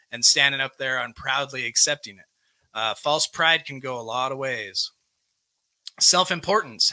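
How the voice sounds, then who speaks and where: A man leads a live recovery group. His voice is bright and forceful, sitting a little high. He speaks plainly, reading each item from a workbook and then explaining it. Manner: plain-spoken, reads defects from a workbook and explains them. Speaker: recovery meeting host. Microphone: live stream microphone.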